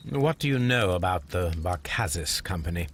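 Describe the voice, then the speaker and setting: Game detective: shrewd, courteous, formal, low and animated. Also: male voice, normal speed, a little hiss or hum. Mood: composed. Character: shrewd, polite adult male detective. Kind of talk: video game voice acting.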